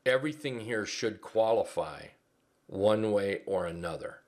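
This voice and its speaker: Man, low voice, casual webinar host, folksy, repeats phrases, lots of fillers. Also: expressive, unhurried, darkish tone. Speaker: trading webinar presenter. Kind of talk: casual live webinar talk.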